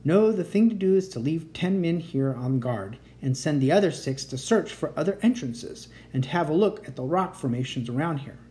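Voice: mid-range voice, animated, moderate pace, hardly any pauses, mellow, close to an everyday voice. A storyteller voicing a cautious grown man who argues with doubtful, reasoned objections. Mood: skeptical.

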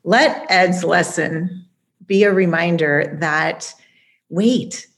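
A woman interviewing a guest, reacting warmly and drawing a lesson from his story for listeners. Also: on the low side, drawn-out words, vocal fry. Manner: engaged, draws lessons for listeners. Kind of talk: conversational interview.

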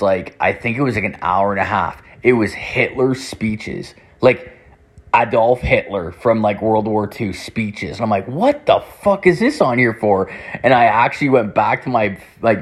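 A young man telling a rambling story in casual talk, swearing heavily and filling his speech with "like". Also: fairly low pitch. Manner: rambling, heavy swearing, constant "like".

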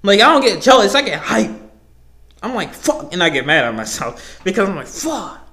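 A young man talks alone on his podcast in a rambling, profane rant full of fillers. His voice sits a little high for a man and jumps between loud, heated bursts and low mutters. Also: very animated, brisk. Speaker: podcast host. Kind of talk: casual solo rant.

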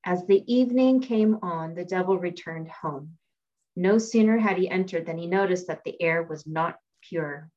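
Woman reading a fairy tale, lowish voice. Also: moderate pace, a little mellow. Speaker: reader. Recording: dull lo-fi recording.

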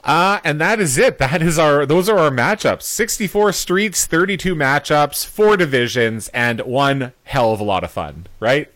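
A man co-hosting a podcast in relaxed casual chat, often trailing off quietly. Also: a little high, moderate pace, hardly any pauses, dry recording. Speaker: podcast co-host.

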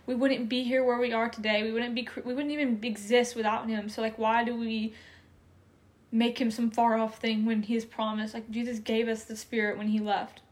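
A woman's voice: on the high side, little pitch movement, normal speed. A young woman giving an earnest, emotional faith testimony in casual chat, with many fillers. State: tearful at times. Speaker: faith podcast co-host.

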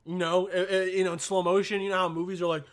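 Young man, casual profane rant, high voice, stumbling repetitions. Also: flat delivery, fast. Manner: profane, keeps asking "all right?".

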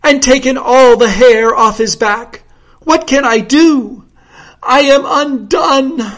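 A reader playing a distraught countess, shrill, gasping, melodramatic, slow. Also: female voice. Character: distraught rich countess, wailing.

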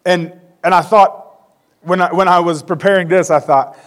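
A man's voice: high voice, fairly even intonation, normal speed. A man in his forties preaching a conversational sermon with self-deprecating humor. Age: 40s. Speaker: pastor.

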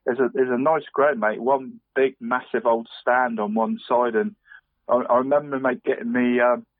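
A man's voice: medium pitch, fairly even intonation, moderate pace, no room sound. A man, co-hosting a casual football podcast. He rambles, restarts his sentences and says "mate" constantly. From Cornwall. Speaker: podcast co-host. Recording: dry, tinny phone-like line.

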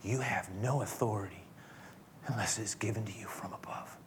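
A man voicing a calm, solemn Jesus in a hushed, slow, breathy whisper. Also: on the low side, a little hiss or hum, voice pushed down, natural voice.

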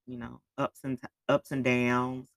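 A woman's voice: rumbling low, little pitch movement, no room sound. A woman co-hosting a podcast in casual chat, playful and encouraging, often finishing her partner's sentences. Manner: playful, encouraging, quick to chime in. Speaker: podcast co-host.

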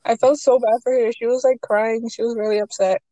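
A young woman in casual chat, asking questions and sharing a work story, relaxed and quick to laugh. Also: fairly high pitch, dry recording, rough recording.

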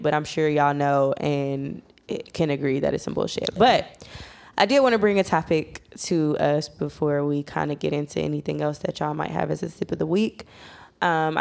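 Woman podcast co-host, low pitch, animated and chatty. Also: gravelly. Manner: animated, echoes her co-host, acts out quotes. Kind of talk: casual chat.

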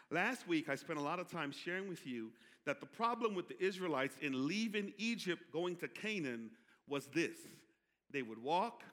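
A man pastor preaching a sermon, calling out to the congregation for responses and building from quiet teaching to loud preaching. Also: fairly high pitch. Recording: echoey hall.

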